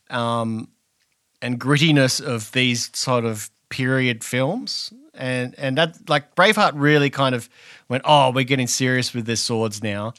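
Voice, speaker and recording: A man's voice: medium pitch, a bit bright, no echo, studio quality. A man chatting on a podcast, rambling with many restarts. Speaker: podcast co-host. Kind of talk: casual podcast chat.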